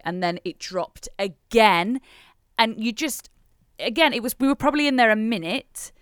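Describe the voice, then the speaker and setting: A woman co-hosting a podcast, reacting with soft sympathy and then telling her own story casually. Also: mid-range voice, moderate pace, clean tone, no echo, clean studio sound. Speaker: podcast co-host. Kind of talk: casual chat.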